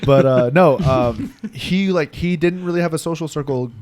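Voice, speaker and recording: A man's voice: fairly high pitch, moderate pace, a little mellow. A man in his early twenties co-hosting a podcast, joking and chatting casually with lots of fillers. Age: early 20s. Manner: joking, banters with filler words. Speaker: podcast co-host. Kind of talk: casual chat.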